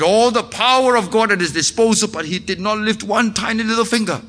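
Male pastor, sermon delivery, high bright voice, earnest and impassioned. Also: brisk, few pauses. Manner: impassioned preaching, dropping to hushed earnest tones.

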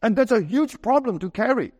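A man with a Singaporean English accent preaching a sermon as pastor, emphatic, with slow, drawn-out scripture quotes. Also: very high-pitched, animated, a little mellow, big-room sound.

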